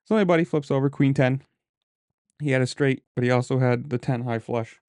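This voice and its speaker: Man, casual storyteller, mellow low-key tone, rambles with fillers, dry close sound. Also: fairly quick, dry recording. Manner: rambling, conversational, with frequent filler words; mutters poker decisions to himself under his breath. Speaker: poker player telling a story.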